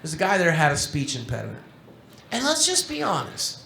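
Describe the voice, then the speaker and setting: A man's voice: on the high side, huge pitch swings, fairly quick, gravelly, bright, forceful tone. A middle-aged man speaking on a convention panel, telling candid, rambling stories with joking asides to a live audience. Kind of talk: storytelling talk to a live audience. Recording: echoey hall, faint background noise.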